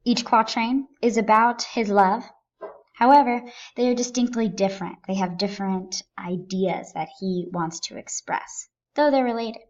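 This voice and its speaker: A woman teacher giving a recorded lesson, explaining a poem line by line and stressing key words. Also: mid-range voice. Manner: deliberate, stresses key words with rising emphasis. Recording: dull lo-fi recording.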